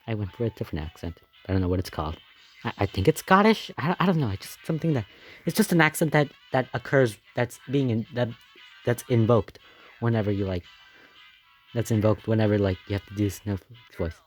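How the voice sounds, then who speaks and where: Guy rambling thru a reaction video, kinda low voice but super bouncy, laughs and gasps a lot, bit of quiet music under it. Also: a little fast. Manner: excitable and rambling, with many fillers, laughs and gasps. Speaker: animator reacting to his own old episode. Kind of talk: casual reaction commentary.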